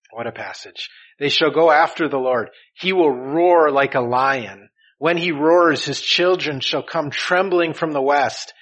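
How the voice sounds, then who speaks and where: Earnest male preacher, slightly higher voice. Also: poor audio. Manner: earnest preaching, swelling louder on key phrases and dropping soft at line ends. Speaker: pastor. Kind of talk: sermon.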